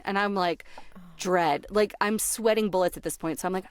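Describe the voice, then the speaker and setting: A woman's voice: mid-range voice, brisk, smooth, no room sound. A young American woman, a voice actor, telling a funny work story in a bubbly way and laughing often. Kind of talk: casual storytelling.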